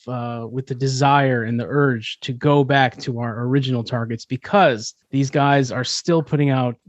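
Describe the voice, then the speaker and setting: A man co-hosting a comedy podcast, setting up segments in a relaxed, rambling way. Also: medium pitch, no room sound, muffled recording. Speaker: podcast co-host. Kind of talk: casual podcast banter.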